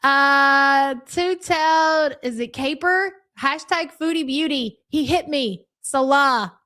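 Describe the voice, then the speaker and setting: A woman's voice sitting a bit high in pitch, trading in crude, profane mockery. She hosts a live reaction stream and keeps up a loose, chatty patter while reading out her viewers' comments. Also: takes it slowly, bright, forceful tone. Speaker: livestream commentary host.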